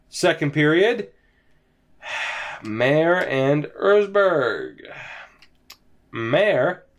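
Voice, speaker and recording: A young man casually commentating his hockey video game franchise at home, sighing, yawning and sounding resigned as his team loses. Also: on the high side. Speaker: gaming commentator. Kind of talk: casual let's-play commentary.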